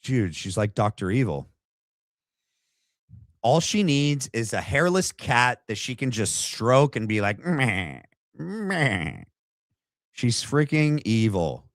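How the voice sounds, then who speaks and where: A man's voice: medium pitch, lively intonation, a little slow, no echo. A man hosting a podcast, reacting to a clip in casual commentary, mocking and sarcastic, slangy and full of fillers. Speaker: podcast host.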